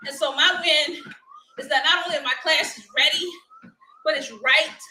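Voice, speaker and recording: Woman, 30s, livestream host, chatty and upbeat, crisp bright tone, faint hiss. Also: high-pitched, fairly quick, reverberant, low-quality recording. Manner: upbeat, laughing often, chatty with viewers. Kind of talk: live motivational chat.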